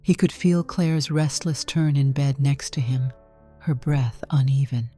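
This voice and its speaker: A woman narrating a story in a calm, measured way from a script. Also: very deep voice, breathy edge. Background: faint music.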